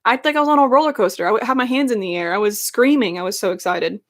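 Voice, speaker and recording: A woman's voice: a little high, racing. A young woman in her twenties rants casually to her stream chat, sarcastic and full of likes and ums.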